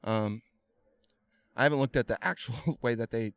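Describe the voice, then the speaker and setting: Smooth-voiced man explaining with fillers. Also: mid-range voice, dry recording. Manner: thoughtful, explains slowly with many fillers. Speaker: podcast guest, analyst. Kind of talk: casual conversation.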